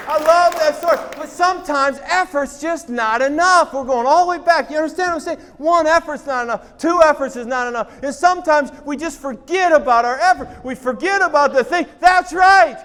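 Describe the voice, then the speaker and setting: A man in his sixties telling a story as a motivational speaker, animated and repetitive, with bursts of shouting. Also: very high-pitched, brisk, hardly any pauses, a faint crowd. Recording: long hall reverb.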